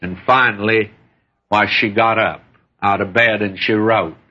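A man preaching a sermon, telling stories in a folksy way with lively rises and falls in pitch. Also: measured pace. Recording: dull lo-fi recording.

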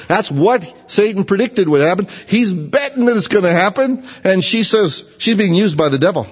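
A man's voice: on the high side, breathy edge. A man preaching a sermon, teaching through a Bible passage in a folksy, conversational way. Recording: lo-fi recording with long hall reverb.

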